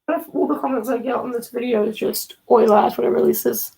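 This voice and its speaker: A woman's voice: on the high side, a little fast, gravelly, dark tone, slightly rough, poor audio. A woman chatting casually on a live stream. She rambles, jokes and gets easily sidetracked.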